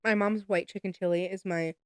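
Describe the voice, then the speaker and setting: A woman co-hosting a podcast, chatting casually in a soft, agreeable way. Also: medium pitch, steady tone, brisk, clean tone, dry recording, clean studio sound. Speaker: podcast co-host. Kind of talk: casual chat.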